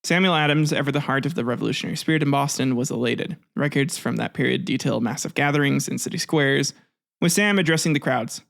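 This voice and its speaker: A man's voice: medium pitch, fast, vocal fry, fairly bright tone. A man narrating history in a casual, offhand way, with jokes, asides and some swearing. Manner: offhand, joking, swears, restarts words. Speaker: history video host.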